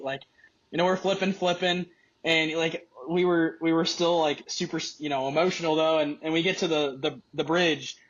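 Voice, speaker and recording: Excited young man telling a fishing story. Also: fairly high pitch, dull audio. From Michigan. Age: young adult. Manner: excited, rambling, many fillers. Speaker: college angler guest. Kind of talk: casual storytelling.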